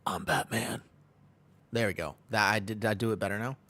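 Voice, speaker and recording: A man's voice: fairly low pitch, fairly even intonation, racing, fairly bright tone. A man with a Midwestern American accent chatting casually with viewers while he plays, upbeat and joking, often breaking into laughter. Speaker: streamer. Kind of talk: casual live-stream chat while gaming.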